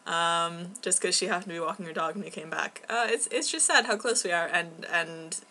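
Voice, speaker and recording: A young woman talks casually into her camera at home for a video blog. Her voice is bright and forward, and her thoughts wander as she fills pauses with plenty of ums. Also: on the low side. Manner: rambling, scattered, many ums. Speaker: book club vlogger.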